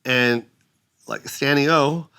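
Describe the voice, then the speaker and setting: A middle-aged man tells a story on a casual podcast, full of energy. When he acts out other people's lines, his voice jumps up high and gets loud. His own voice sits at an ordinary pitch. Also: slow, background noise. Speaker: guest comedian.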